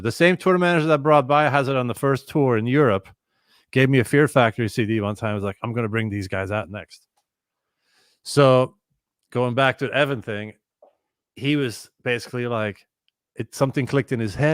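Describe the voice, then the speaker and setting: A man telling a long story as a guest on a live chat show, animated and swearing freely as he acts out what people said. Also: medium pitch, brisk, dry recording, studio quality. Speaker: guest musician and former tour manager.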